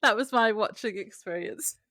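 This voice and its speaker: A woman's voice: mid-range voice, normal speed, sharp tone, dry recording, studio quality. A woman co-hosting a podcast, chatting about a TV episode and giggling often between remarks. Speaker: podcast co-host. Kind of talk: casual chat recapping a TV episode.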